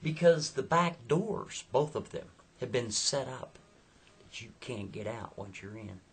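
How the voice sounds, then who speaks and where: A man's voice: mid-range voice, lively intonation, measured pace, breathy edge. A man telling a spooky story in a chatty, casual way, checking in with the listener. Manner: chatty, asks listeners "right?".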